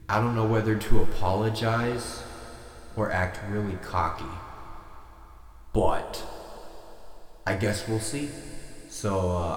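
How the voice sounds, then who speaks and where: A man's voice: lowish voice, echoey room, long reverb tail. A man hosting a podcast, freestyle rapping badly and joking in a crude, self-mocking way. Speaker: podcast host. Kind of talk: comedic freestyle rap and casual monologue.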